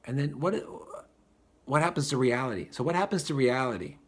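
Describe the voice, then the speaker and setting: A man giving a spiritual talk, animated and acting out the voices of the people he describes. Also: medium pitch, brisk, slightly rough. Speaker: spiritual teacher.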